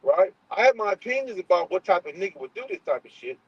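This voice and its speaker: A man's voice: sits high, sing-song, fast, breathy edge. A man hosting a casual livestream, heated and profane, often restarting his sentences. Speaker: channel host. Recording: muffled lo-fi sound.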